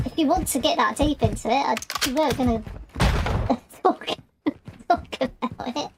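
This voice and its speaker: A woman's voice: high-pitched, normal speed, noisy background. A woman from the UK chatting as she plays a game on stream, rambling and cutting herself off. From United Kingdom. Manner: rambling, self-interrupting, chatty. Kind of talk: casual chat while gaming. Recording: game gunfire in the background. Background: gunfire and clicks from the game.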